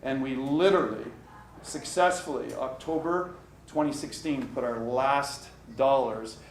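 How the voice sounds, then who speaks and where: A middle-aged man giving a motivational workshop talk to a live audience, animated and addressing the crowd directly. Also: mid-range voice, measured pace. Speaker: coach and workshop speaker. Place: conference room with live audience. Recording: echoey room, distant mic, faint noise.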